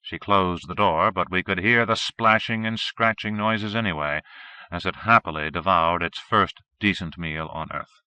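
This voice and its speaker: A man narrating a first-person novel as an audiobook, with steady, measured reading. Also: low-pitched, clean tone, no echo. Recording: dull 1980s cassette recording.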